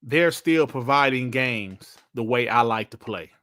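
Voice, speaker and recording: A man's voice: medium pitch, unhurried, fairly bright tone. A man hosting a casual gaming podcast, ranting bluntly with plenty of slang and swearing. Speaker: podcast host.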